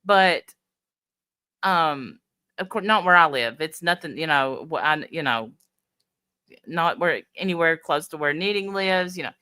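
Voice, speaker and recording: A woman's voice: sits low, lively intonation, a little slow, long pauses, pushed and bright, clean tone, no room sound, clean studio sound. A woman from Tennessee with a Southern accent, hosting a casual livestream and teasing her guest in a playful way. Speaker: livestream host.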